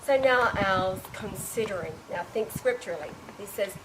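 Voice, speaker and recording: A woman's voice: mid-range voice, moderate pace, few pauses, a little hiss or hum, rough recording. A woman telling a spiritual story in casual speech, acting out other people's lines and laughing often. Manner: animated retelling, acts out dialogue, laughs often. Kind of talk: casual spoken testimony.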